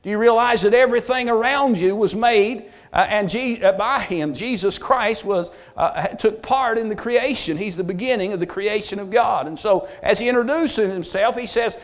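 A man preaching a Bible study, his voice sitting high for a man. He talks in a folksy, plain way, doubling back on his words, then pushes harder as he lands his key points. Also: normal speed, few pauses. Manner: folksy, repeats and restarts, rises in force on key points. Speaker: pastor.

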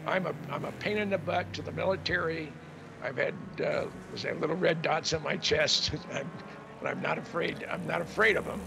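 A man's voice: a little high, normal speed, vocal fry. An older man as a guest on a radio talk show, speaking candidly and rambling a little, with chuckles between thoughts. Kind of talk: radio interview. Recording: noisy radio broadcast.

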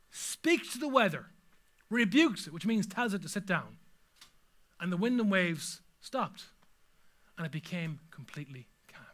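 A pastor preaches in a lively, storytelling manner with touches of humor. His voice is high for a man and very bright and sharp. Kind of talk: sermon.

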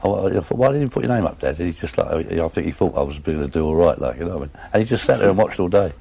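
Husky deep Cockney man, fast. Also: warm tone. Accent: London Cockney. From England. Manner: rambling, "you know what I mean" tags. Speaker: former darts player telling stories. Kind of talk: casual anecdotal chat.

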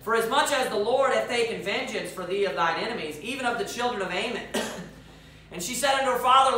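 A man's voice: high-pitched, fast talker, pushed and bright, a little hiss or hum. Emphatic preacher man in an echoey hall. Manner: emphatic, quizzes the congregation with questions. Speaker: pastor. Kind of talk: sermon with scripture reading. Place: church sanctuary. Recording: echoey church hall, mic far off.

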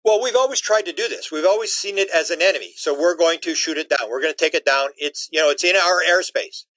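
Fast, high-voiced animated male guest. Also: no room sound, poor audio. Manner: emphatic, acts out quotes in voices. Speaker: interview guest, researcher. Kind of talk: animated storytelling in an interview.

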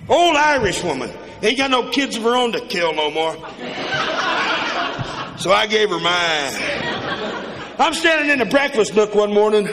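On a comedy club stage before a live audience, a man with a high-sitting voice does a crude, profane stand-up set, telling stories and acting out quoted voices. The live recording is noisy, with crowd sound and reverb.

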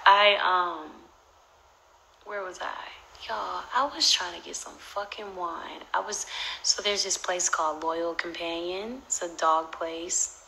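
A young woman tells a rambling story straight into her phone on a livestream, swearing freely and jumping from loud outbursts to whispered asides. Her voice is bright and sharp with a gravelly edge of fry, and a faint hum of room noise sits behind her. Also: on the low side, slow pace, poor audio. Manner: animated and profane, swinging between loud outbursts and whispered asides. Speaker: social media personality on a livestream.

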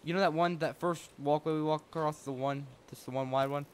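A man's voice: fairly high pitch, steady tone, brisk, slight background noise. A young man hosting a game playthrough, teasing his partner, swinging from mumbles to yelps, on a desk mic with no pop filter. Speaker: let's play host. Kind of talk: casual gameplay commentary. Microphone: desk mic without pop filter.

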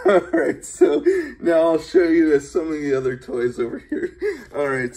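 Giggly man who rambles through a toy show-and-tell, unhurried, with a bouncy pitch. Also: darkish tone. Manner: giggly, laughs often between phrases; halting, with many fillers and restarts. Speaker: vlogger showing his toy collection. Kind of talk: casual show-and-tell video.

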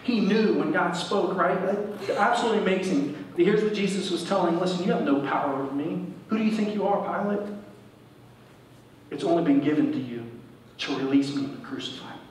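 A man with a high-pitched voice preaches a sermon, reading scripture aloud and explaining it to the congregation. The sound is heavily echoey, like a large church room. He sounds a bit away from the microphone. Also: brisk, far from the mic, a little hiss or hum. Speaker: pastor. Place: church service.

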